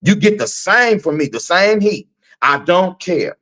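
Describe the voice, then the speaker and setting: A man's voice: high voice, unhurried. A middle-aged man from Texas, ranting animatedly and profanely to his live-stream audience, repeating himself for emphasis. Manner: animated, repetitive, preachy and profane. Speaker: host.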